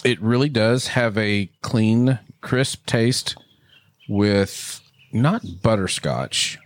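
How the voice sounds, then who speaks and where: A man's voice: on the low side, animated, extremely slow, dry recording. A man co-hosting a casual podcast, playfully teasing while giving rambling tasting notes. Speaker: podcast co-host. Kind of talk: casual chat.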